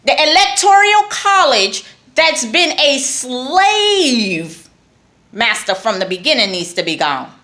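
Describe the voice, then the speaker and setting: A vlogger from New York, with a New York accent, gives her viewers a blunt, emphatic political rant, repeating lines for emphasis. Her high-pitched voice is very animated and sharp in tone, though her pace is slow.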